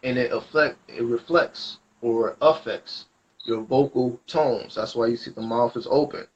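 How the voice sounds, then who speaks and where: Man, mid-pitched, casual spiritual reader, rambling slangy delivery, dull lo-fi recording. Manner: loose, rambling, slangy explanations. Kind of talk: casual spoken reading.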